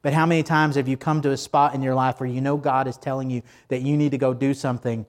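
A man's voice: medium pitch, flat delivery, fast talker. A pastor preaching a sermon to his congregation in a church, conversational and joking, asking many rhetorical questions.

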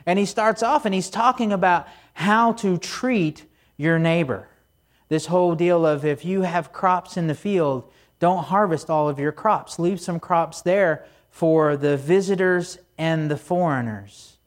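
A man's voice: a little high, unhurried. A middle-aged man, a pastor, delivering a conversational sermon in a casual, storytelling way with frequent asides.

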